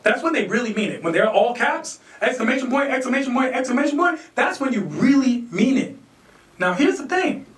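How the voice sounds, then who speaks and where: Fairly quick and animated, an American stand-up comedian voices characters in sudden high tones and laughs at his own punchlines. The recording is roomy and distant, captured by a stage mic well away from him.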